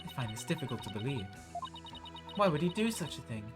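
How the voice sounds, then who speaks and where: Proud young princess, man voicing her, clipped, imperious, lively delivery. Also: mid-range voice, a little fast, over music, natural voice. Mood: haughty. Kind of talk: reading game dialogue aloud.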